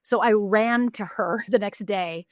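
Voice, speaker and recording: A middle-aged woman, a life coach guest on a podcast, telling her story with lively energy. She jumps into the voices of the people she quotes and speeds up in excited bursts. Her voice sits at an ordinary pitch and is recorded close and dry. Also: dry recording. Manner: acts out quoted voices, fast bursts with restarts. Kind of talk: animated storytelling.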